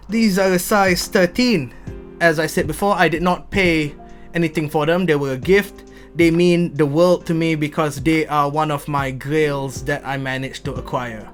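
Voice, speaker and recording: A man's voice: a little high, steady tone, normal speed, faint music behind. A young man, telling heartfelt, rambling stories about his sneaker collection and often stumbling and restarting. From Malaysia. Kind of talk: heartfelt rambling storytelling to camera.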